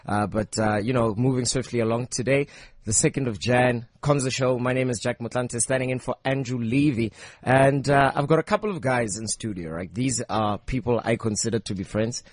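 A man's voice: mid-range voice, moderate pace, hardly any pauses, no echo. A man hosting a casual, joking morning radio show in a studio. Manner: loose, joking and upbeat. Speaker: radio host. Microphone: studio microphone.

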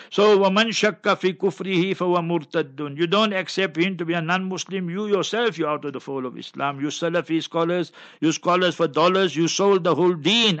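A man's voice: sits high, a bit bright. A man, a mufti answering listener questions on a religious talk show in a fiery, preachy way, mixing in anecdotes. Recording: dull lo-fi broadcast sound.

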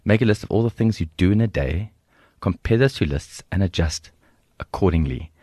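A middle-aged South African man with a South African accent, a guest telling stories in an interview in an animated, humorous way. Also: deep voice, brisk, no echo, studio quality. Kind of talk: storytelling interview.

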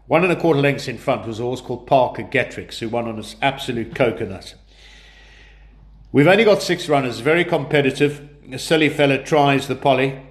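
A man's voice: medium pitch, fairly bright tone. A man, congested from flu, giving horse racing tips in a businesslike way and rattling off numbers and odds.

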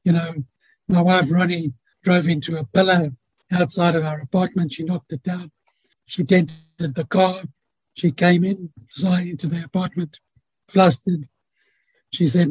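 Husky, high-voiced man giving advice. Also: fairly even intonation, measured pace, long pauses, no room sound, poor audio. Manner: earnest, gently advising, uses homely examples. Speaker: guest speaker on relationships. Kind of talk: reflective conversational advice.

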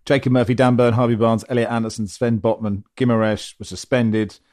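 A man hosts a casual football chat, wry and teasing as he passes questions to his panel. His voice sits at a middling pitch. The sound is dry and close to the mic. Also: flat delivery, a little fast, a little mellow, dry recording. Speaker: podcast host.

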